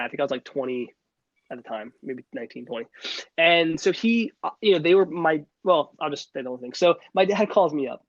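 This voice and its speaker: Guy in his 30s cohosting a podcast, kinda high voice, tells stories all animated, swears a lot, dull dry audio. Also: no room sound. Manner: animated storyteller, swears, laughs often. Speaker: podcast co-host. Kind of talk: casual chat.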